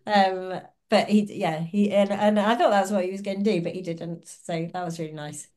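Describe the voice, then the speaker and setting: A woman's voice: mid-range voice, lively intonation, fairly quick. A woman as a podcast guest, telling stories in a chatty way and acting out the lines she quotes. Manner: chatty storytelling, acts out quoted dialogue with laughs. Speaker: guest, ultrarunner and oncologist. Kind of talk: casual podcast interview.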